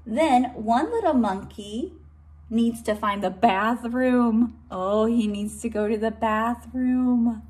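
A teacher reading a picture book aloud to young children, pausing to explain words and point at the pictures. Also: female voice, fairly high pitch, darkish tone.

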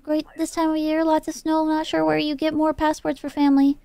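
A woman's voice: high-pitched, monotone, a little fast, creaky, dark tone. A woman reading the lines of a friendly male smuggler from a video game, in choppy broken English.

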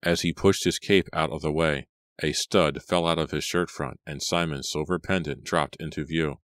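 A man reading a horror audiobook in a measured, steady narration. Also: very deep voice, no room sound, studio quality. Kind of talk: scripted narration.

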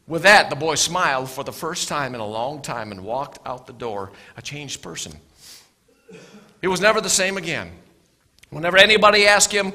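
A middle-aged pastor delivers a storytelling sermon in a mid-range voice at a moderate pace. He is earnest, often repeats his words, and slips into soft asides.

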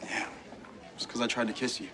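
A young man acting a calm, sincere high school senior, in a sitcom. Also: fairly quick, background noise, lightly acted.

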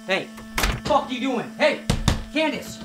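An actor playing a short-tempered husband who swears and shouts easily. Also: male voice, extremely high pitch, very animated, takes it slowly, loud music behind the voice, full character voice. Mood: furious. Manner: explosive, swearing, then sheepish.

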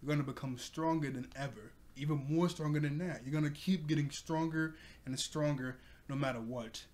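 A man voicing a nervous, scheming male pirate hypnotist in a low, hushed, worried way. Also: moderate pace, natural voice. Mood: chanting.

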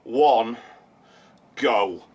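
A man chatting and joking loudly while moving heavy furniture, swearing and exclaiming often, a little out of breath. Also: mid-range voice, drawn-out words, breathy edge, lo-fi sound. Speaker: vlogger. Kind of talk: casual chat while doing heavy lifting.

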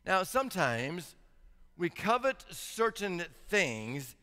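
A male pastor preaches a sermon to his congregation in a church sanctuary, his bright, ringing, slightly high voice trailing a long reverb through the hall. Very animated, he reads scripture slowly and deliberately, then builds to an emphatic, rising pitch.

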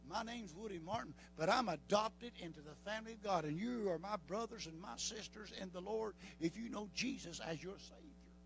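A man with a Southern US accent preaching a sermon as pastor, folksy, rising to shouts. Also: high voice, brisk, creaky, hardly any pauses, a little hiss or hum, low-quality recording.

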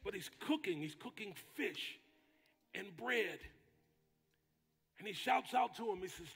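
Pastor, male, husky voice with a high pitch, preaching in a hall with long reverb, dramatic pauses and shouted lines. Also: expressive. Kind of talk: sermon. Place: church sanctuary.

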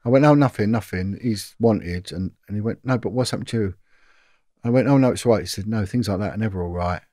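A man's voice: on the low side, fast talker, no room sound, clean studio sound. Man telling police stories. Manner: animated anecdotes with many fillers and repeats. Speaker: former police detective, guest. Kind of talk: storytelling interview.

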